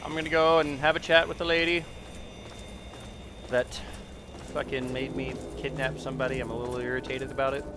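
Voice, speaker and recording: A man live-streaming a game, chatting casually with viewers, excitable and quick to swear. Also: medium pitch, noisy background. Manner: excitable, swears freely, talks to chat. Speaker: gaming streamer.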